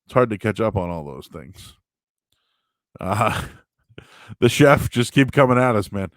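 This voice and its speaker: A man hosting a show, chatting casually and answering viewer questions in a rambling, animated way with sudden loud, high bursts. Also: a little slow, dry recording. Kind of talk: casual live-stream chat.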